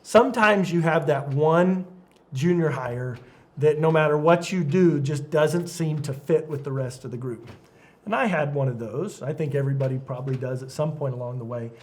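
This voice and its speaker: A middle-aged man, a youth pastor, telling stories in a casual podcast chat, lively and laughing often. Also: fairly high pitch, normal speed. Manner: animated storyteller, laughs often.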